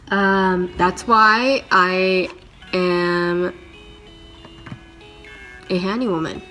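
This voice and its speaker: A young woman vlogging to camera about her work as a handywoman, talking in a reflective, halting way with many fillers. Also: lowish voice, steady tone, over music. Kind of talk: casual talking-to-camera vlog.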